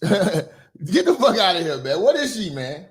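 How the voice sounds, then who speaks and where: Man shouting profane reactions. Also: sits high, sing-song, a little slow, slightly rough. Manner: loud, profane, bursts into shouting. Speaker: reaction commentator. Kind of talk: casual reaction commentary.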